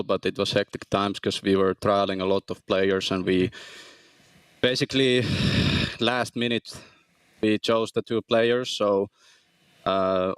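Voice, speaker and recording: A man from Finland, a professional esports player, answering interview questions calmly with some hesitation. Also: fairly low pitch, smooth, no room sound. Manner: calm, hesitant, with fillers.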